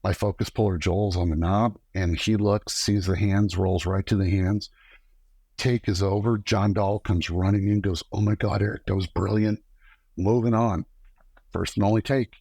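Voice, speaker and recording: A middle-aged man, a guest on a podcast, telling lively stories and acting out the lines of people he quotes. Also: on the low side, moderate pace, breathy edge, dry recording. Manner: animated storyteller acting out quoted dialogue. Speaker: podcast guest, former camera operator. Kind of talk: casual storytelling interview.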